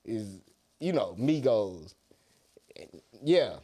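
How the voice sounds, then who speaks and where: A man's voice: on the low side, sing-song, very slow, dark tone, slightly rough. A young man from Atlanta with a Southern accent, chatting loosely as an interview guest and trailing off at the ends of thoughts. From Atlanta, USA. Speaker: rapper guest. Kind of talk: casual interview chat.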